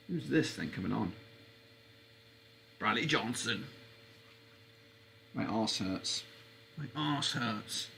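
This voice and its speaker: A man hosting a live football watchalong stream, chatting casually and getting excitable, his voice leaping up whenever a chance comes. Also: creaky, a little hiss or hum. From England. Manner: excitable, voice leaps up high on chances.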